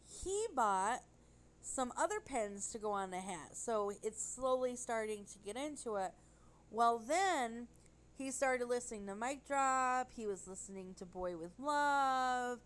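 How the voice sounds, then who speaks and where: A woman telling a rambling, animated story in casual chat. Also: on the high side, unhurried, rough recording.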